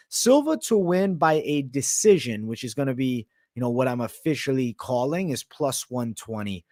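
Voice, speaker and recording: A brash young man with a mixed Boston and New York sounding accent, working through fight picks and betting lines on a live stream. He swears freely, riffs off the chat and keeps the energy up. His voice sits at an ordinary pitch and is recorded close and dry, with almost no room sound. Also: no room sound. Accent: mix of Boston, Canadian and Italian, often heard as New York. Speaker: host of a live MMA betting and predictions show. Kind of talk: live-stream commentary, casual and profane.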